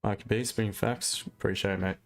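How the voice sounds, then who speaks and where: A man's voice: fairly low pitch, steady tone, brisk, gravelly, soft background music. A man with an Australian accent, chatting casually and bluntly on a live trading stream, ranting with mild swearing.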